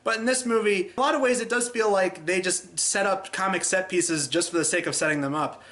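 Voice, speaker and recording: A man's voice: high-pitched, a little fast, pushed and bright. A man hosting a casual film review, chatty and exasperated, acting out scenes as he goes.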